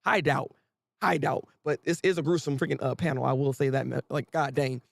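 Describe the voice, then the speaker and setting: A young adult man giving live reaction commentary, animated and joking, laughing often and restarting his sentences. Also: medium pitch, fast, gravelly, no echo, clean studio sound. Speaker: manga reaction host.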